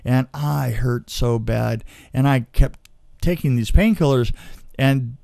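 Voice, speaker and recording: A man of ordinary pitch tells a rambling personal story, chuckling as he goes and often restarting his sentences. The sound is dry and close, with no room around it. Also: slow, creaky, mellow, no echo. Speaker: storyteller guest. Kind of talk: casual anecdote.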